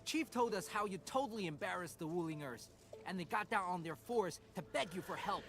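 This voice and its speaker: An actor voicing an eager young male street-gang underling in a game, chattering in an excited, boastful way. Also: high voice, brisk. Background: game music.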